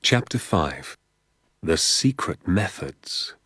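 A man narrating a children's novel as an audiobook, with a measured storytelling delivery. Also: low voice, very animated, fairly bright tone, husky, no echo, clean studio sound. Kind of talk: scripted narration.

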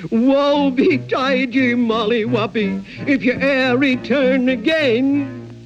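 A man's voice: very high voice, steady tone, faint music behind, voice pushed up, exaggerated voice. A man doing a dull-witted, menacing giant. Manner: drawn-out, dreadful calling.

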